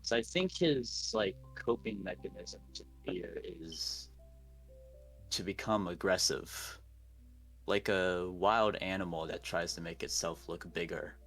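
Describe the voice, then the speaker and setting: A man with a fairly low voice plays in a tabletop role-playing session. He explains his character's actions and feelings in a loose, casual way, leaning on "like" as he thinks aloud. Faint music runs in the background. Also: unhurried, gravelly, a bit bright, rough recording. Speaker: player.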